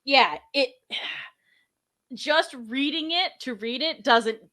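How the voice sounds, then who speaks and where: Woman, co-host, bright voice, slightly high pitch, laughs often, quick reactions. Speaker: co-host sketching along. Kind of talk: casual chat.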